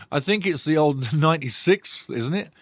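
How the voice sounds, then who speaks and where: A man hosting a live football watch-along, calling the play and reading the chat in a blunt, excitable, foul-mouthed way. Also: a little high, unhurried, no echo. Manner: bursts louder at big chances.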